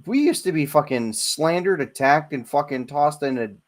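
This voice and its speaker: A man's voice: on the high side, lively intonation, normal speed. A man in his forties co-hosting a casual chat, rambling and hesitant, with many fillers. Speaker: podcast co-host.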